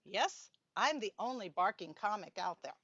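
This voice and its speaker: A woman's voice: mid-range voice, animated, moderate pace, fairly bright tone, no room sound, lo-fi sound. An older woman from Pennsylvania doing a stand-up comedy routine, telling chatty stories with playful punchlines.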